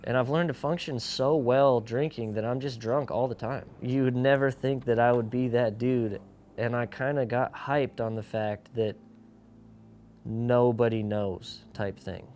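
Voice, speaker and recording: A man's voice: mid-range voice, steady tone, unhurried, darkish tone, slight background noise. Casual, slangy young man telling his story. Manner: casual, slangy, full of "like", acts out quoted dialogue. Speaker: pro skateboarder. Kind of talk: candid personal storytelling.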